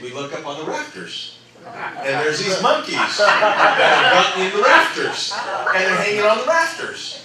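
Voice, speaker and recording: A man pastor telling a story during a sermon, animated and acting out the voices of the people in it. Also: fairly high pitch, a little hiss or hum. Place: church sanctuary. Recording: echoey church hall, mic at a distance.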